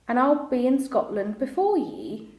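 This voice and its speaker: A woman voicing a car sat-nav gadget in a storybook, singing some lines and giving directions in a flat announcer tone. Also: on the high side, normal speed. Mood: sing-song. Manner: sings, then flat announcer tone. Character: chirpy sing-song car sat-nav, female-voiced gadget. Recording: roomy echo.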